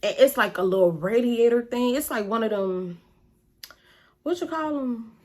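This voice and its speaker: A woman vlogger telling a story in a casual, animated, slangy and profane way. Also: on the high side, normal speed.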